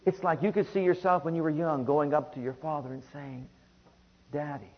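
A middle-aged man preaching a sermon, swinging between hushed, tender passages and loud, urgent ones. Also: a little high, fast talker, slightly rough, highs cut off. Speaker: pastor.

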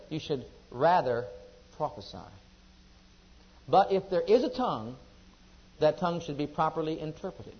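A man preaches a sermon in a slightly high voice, questioning his listeners as he goes. He rises to loud emphasis, then drops to quiet asides. The recording is dull and lo-fi. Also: husky.

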